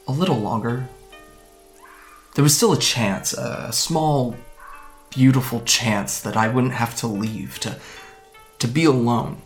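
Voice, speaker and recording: A guarded young man from Japan tells his story in a gravelly, halting voice, played by a man in his twenties in an audio drama. He is hesitant and a little wry, and faint music sits behind him. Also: medium pitch, lightly acted. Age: 20s. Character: guarded young man recounting fleeing home.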